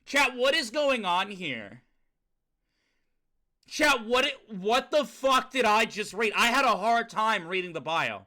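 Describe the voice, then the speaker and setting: A young man from New York chats to his stream in a loud, animated way, swearing freely and calling out to his viewers. His voice is sharp and bright, sitting a touch high for a man. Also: slow pace. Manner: loud, animated, swears often, talks straight to chat. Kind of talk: casual livestream chat.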